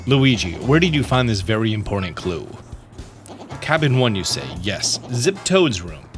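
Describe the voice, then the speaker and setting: A man voicing a pompous, self-assured male detective in a lowered, slow voice. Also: very animated, soft background music.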